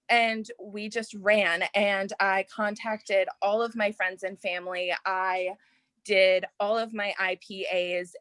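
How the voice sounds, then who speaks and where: A young woman, a guest on a video call, telling her story in an earnest, emotional, halting way. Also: a little high, a bit bright, dry recording.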